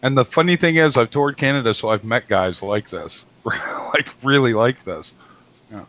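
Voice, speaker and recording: A man's voice: medium pitch, normal speed, fairly bright tone. A man hosting a live stream who chats casually, jokes and swears freely on a home computer mic. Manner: loose, jokey, swears freely. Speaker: stream host. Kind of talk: casual chat.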